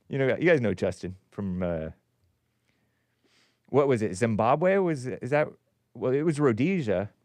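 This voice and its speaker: A man's voice: mid-range voice, expressive, takes it slowly, long pauses, a little mellow, dry recording. A man hosting a call-in show, reading news aloud with sarcastic, rambling asides and chuckles. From California. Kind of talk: casual live-stream commentary.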